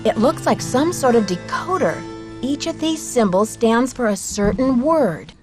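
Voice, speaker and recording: A curious young detective. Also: female voice, a little high, expressive, unhurried, darkish tone, soft background music.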